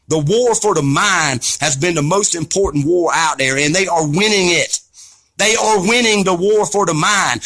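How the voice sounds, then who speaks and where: A man's voice: high-pitched, animated, normal speed, bright, forceful tone. A man delivering an impassioned, preachy rant to camera, fiery, scolding, blunt and profane. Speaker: vlogger.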